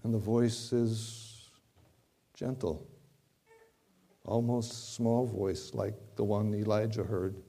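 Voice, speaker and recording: A man preaching a sermon, dramatic and swinging from loud to hushed, often repeating words. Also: fairly low pitch, steady tone, slow, gravelly, slightly rough.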